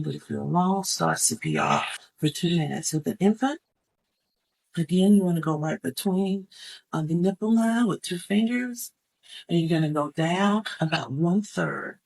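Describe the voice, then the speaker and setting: Gravelly-voiced woman teaching first aid. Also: fairly low pitch, moderate pace, darkish tone, low-quality recording. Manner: step-by-step instruction, counting aloud while demonstrating. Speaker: CPR instructor. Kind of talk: hands-on first aid demonstration.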